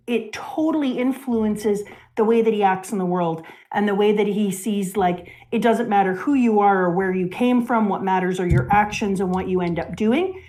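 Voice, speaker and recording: A woman's voice: mid-range voice, darkish tone. A woman in casual fan discussion who talks with animation and acts out quoted lines. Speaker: co-host.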